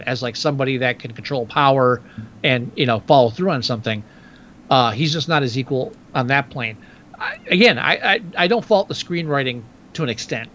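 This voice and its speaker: A man's voice: mid-range voice, pushed and bright, slight background noise. A man co-hosting a casual film discussion podcast, joking and wry, laughing at his own remarks. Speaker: podcast co-host.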